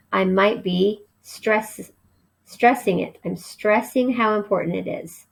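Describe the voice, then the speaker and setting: Slow, gravelly woman teacher spelling words. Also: mid-range voice, fairly even intonation, poor audio. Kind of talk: recorded vocabulary lesson.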